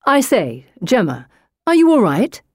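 Woman doing a stuffy Victorian gentleman. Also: fairly high pitch, wildly swooping pitch, breathy edge, dry recording, clean studio sound, exaggerated voice. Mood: exasperated. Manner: brisk, proper and exasperated.

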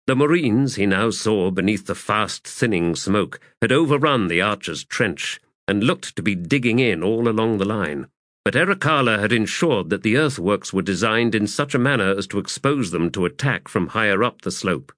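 Male narrator, low voice, measured delivery, dry close recording. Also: animated, fairly bright tone, dry recording. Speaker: audiobook narrator. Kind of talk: scripted narration.

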